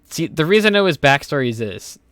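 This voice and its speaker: Rambling, swearing young podcast host. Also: male voice, a little high, big pitch swings, quick pace, fairly bright tone, no room sound. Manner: rambling, profane storytelling with many fillers. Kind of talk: casual podcast chat.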